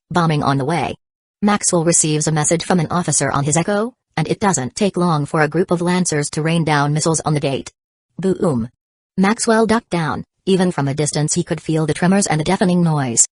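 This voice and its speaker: Woman, audiobook narration, deep voice, dry booth sound, even delivery. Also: dry recording. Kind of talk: scripted narration.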